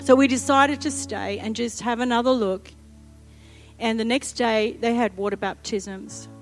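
High-voiced woman preaching. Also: measured pace, soft background music. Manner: lively, humorous, acts out quotes. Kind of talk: sermon storytelling.

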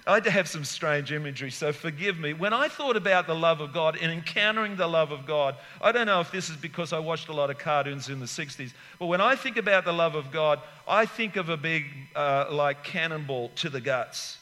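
A pastor in his sixties preaches with a fairly high, sharp and forceful voice, emphatic and full of rambling asides. His sermon rings out through a hall with a long reverb. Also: animated, brisk, few pauses. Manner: emphatic, rambling asides, acts out little scenes.

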